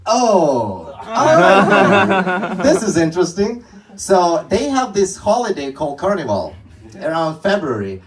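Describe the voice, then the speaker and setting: A man's voice: high voice, sing-song, slow, recorded from a distance, crowd noise, poor audio. A young man doing a stand-up comedy set on a club stage, telling rambling stories with many restarts.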